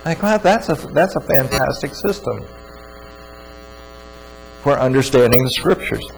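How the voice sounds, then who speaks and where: Expressive and slightly creaky, a medium-pitched male voice gives an earnest religious teaching talk at a somewhat slow pace, emphatically repeating words for stress. A faint mains hum sits beneath it.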